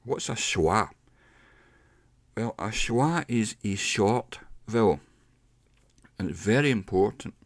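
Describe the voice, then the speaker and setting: A middle-aged man giving a casual pronunciation lesson, explaining step by step and slowing down to demonstrate sounds. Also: lowish voice, expressive, dry recording. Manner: unhurried, explains step by step with slowed demonstration words. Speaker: English pronunciation teacher.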